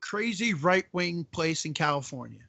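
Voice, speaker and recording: A man's voice: a little high, expressive, normal speed, creaky, bright, forceful tone, dry recording. A man hosting a casual movie-riff chat, ranting and swearing in exasperation. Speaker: podcast host.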